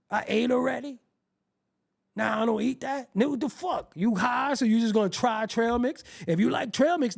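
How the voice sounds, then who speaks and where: A man hosting his show, telling a comedic, profane story in an animated way and acting out the quoted voices. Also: very high voice, vocal fry. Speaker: show host.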